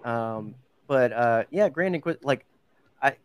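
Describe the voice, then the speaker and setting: A man's voice: medium pitch, animated, slow, slight background noise. A man hosting a casual podcast chat, talking loosely with many fillers and restarts. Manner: chatty, full of fillers and self-corrections. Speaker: podcast host.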